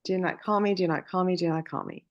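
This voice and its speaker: A woman's voice: on the low side, fairly even intonation, fast talker, dull audio, natural voice. A woman playing a blunt homeowner in a real estate call role-play, repeating her refusal. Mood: curt. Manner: blunt, repetitive. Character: curt homeowner refusing agent calls, woman.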